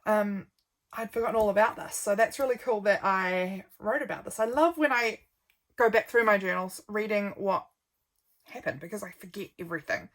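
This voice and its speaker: Flipping through her journal pages, a young New Zealand woman who vlogs about journaling talks in a loose, rambling way, full of ums and easy laughter. She sounds a bit yawny. Her voice is mid-range and fairly bright, at a normal speed.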